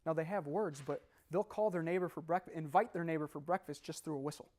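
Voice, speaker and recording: A young man leads a live motivational seminar with an animated, laughing delivery. His voice sits slightly higher than most men's. He keeps asking the audience questions as he talks. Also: quick pace. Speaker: motivational speaker.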